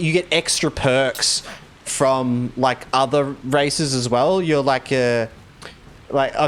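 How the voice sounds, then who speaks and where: A man's voice: mid-range voice, a bit bright. Chatty Australian man streaming a game. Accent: Australian, Victorian. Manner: rambling, chatty, laughs easily. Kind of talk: casual stream chat with viewers.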